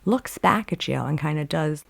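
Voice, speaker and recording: A woman telling a dramatic story in a monologue, rambling with many fillers and swinging from loud outbursts to near-whispers. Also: deep voice, animated, normal speed, creaky.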